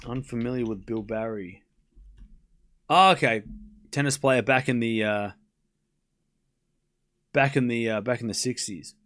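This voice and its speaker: Man, streamer, casual chat, sarcastic, teasing, rambling, middle pitch. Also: fairly bright tone. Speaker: streamer hosting a tennis watchalong. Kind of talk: casual live-stream chat answering viewers.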